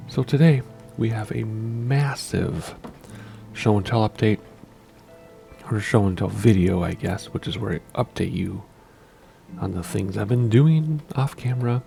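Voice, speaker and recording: A man talks through his gameplay in a hushed, close-miked voice, keeping it down for a sleeping household. His tone is low and mellow, with a gravelly fry at the ends of phrases. Soft music plays faintly behind him. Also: expressive, measured pace, long pauses. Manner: hushed, keeping quiet so as not to wake people. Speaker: Minecraft server let's-play host. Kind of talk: casual gameplay commentary. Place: at home, indoors. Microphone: very close to the microphone.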